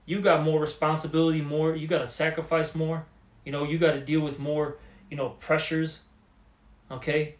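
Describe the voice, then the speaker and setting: A man giving an informal religious lesson, halting often and repeating words, with many fillers, and calling the listener "man". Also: on the high side, roomy sound. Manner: streetwise, addresses listener as man. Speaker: religious teacher.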